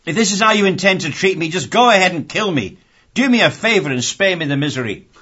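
A man's voice: animated, fast talker, sharp tone, slightly rough, full character voice. A man putting on an exasperated weary old prophet. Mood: exasperated pleading. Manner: pleading, rising to high exasperation. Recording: dull lo-fi recording.

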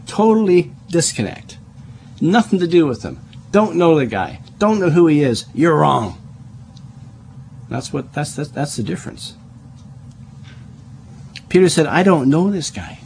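A man's voice: on the high side, big pitch swings, measured pace, gravelly, long pauses, a little mellow, a little hiss or hum. A middle-aged man preaching a Bible study sermon, explaining verse by verse, spelling out words and often repeating himself as he restarts.

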